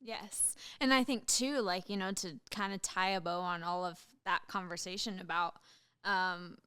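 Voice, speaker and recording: A woman's voice: lowish voice, fairly even intonation, moderate pace, pushed and bright, clean tone, dry recording, clean studio sound. A young woman hosting a podcast, asking questions and summing up her guest's points in an encouraging way. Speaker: podcast host. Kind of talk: interview questions.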